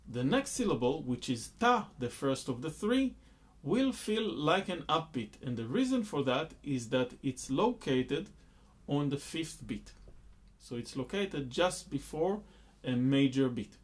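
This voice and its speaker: A man's voice: on the high side, a little hiss or hum. A man teaching a rhythm lesson, patiently explaining beats and counting rhythm syllables aloud. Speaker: music teacher.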